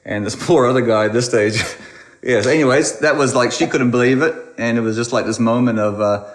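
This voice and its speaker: A man's voice: mid-range voice, brisk, reverberant. A man in his thirties telling a story with lots of restarts, a guest in casual conversation. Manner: animated, rambling with restarts.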